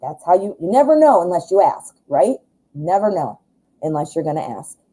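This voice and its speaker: A woman's voice: on the low side, big pitch swings, moderate pace, mellow, slightly rough, rough recording. A woman giving a chatty live tarot reading, reassuring and thinking aloud with plenty of fillers. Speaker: tarot reader.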